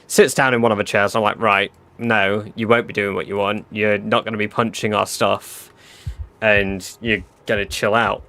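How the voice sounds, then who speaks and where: A man's voice: lowish voice, flat delivery, moderate pace, pushed and bright. A young man telling a casual story to his live stream viewers, chatty and full of fillers and swearing.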